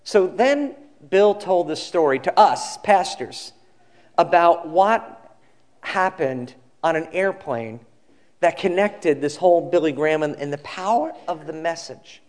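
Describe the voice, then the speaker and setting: A male pastor giving a sermon, telling a story in a relaxed conversational way and acting out the quoted people. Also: on the high side, a little slow.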